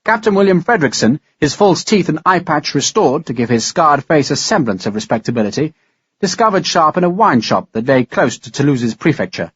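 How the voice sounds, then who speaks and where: A man narrating a historical audiobook in a measured, dramatic reading style. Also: fairly high pitch, sing-song, fairly bright tone, breathy edge, dry recording, dull audio. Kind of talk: scripted narration.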